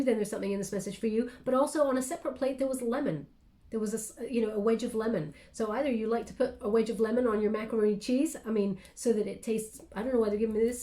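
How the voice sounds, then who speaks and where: A woman delivers a tarot reading in a casual, chatty way. Her voice sits a little high but sounds mellow and soft. She talks affectionately to her listeners, filling pauses with gentle fillers. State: briefly tearful then composing herself. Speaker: tarot card reader. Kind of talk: casual spoken card reading.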